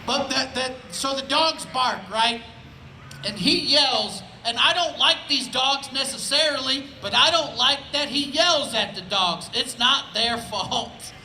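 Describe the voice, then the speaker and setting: Man, stand-up comedian, laid-back, conversational, sharp bright tone, faint outdoor ambience. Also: very high voice, unhurried, reverberant, slight background noise, low-quality recording. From Indianapolis, Indiana. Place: outdoor festival stage.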